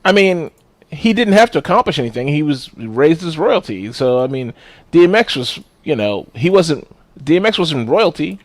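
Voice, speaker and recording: A man's voice: fairly high pitch, very animated, moderate pace, no room sound. Blunt, profane man on a podcast. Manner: blunt and profane, laughing often. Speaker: podcast co-host. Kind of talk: casual chat.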